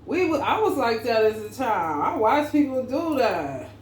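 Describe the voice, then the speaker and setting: A woman who is an adult parent gives a relaxed, foul-mouthed tarot reading full of slang and laughter. Her voice sits on the high side, very animated, at a moderate pace. The room echoes, with faint noise in the background.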